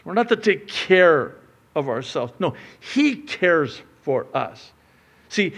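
A man preaching a sermon, swinging from loud urgent appeals to hushed asides and acting out little dialogues, with frequent casual fillers. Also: medium pitch. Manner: conversational asides with many fillers. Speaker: pastor.

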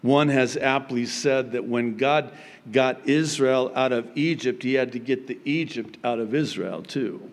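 A male pastor praying and then preaching, with bursts of loud, high emphasis on key words. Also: unhurried. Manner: animated preaching with sudden emphatic pitch jumps. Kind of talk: sermon. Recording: long hall reverb.

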